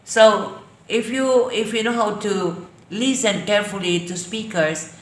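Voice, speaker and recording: A woman with a Filipino accent teaches an online English class in a medium-pitched voice, slowly defining terms before explaining them. The room she lectures in sounds echoey.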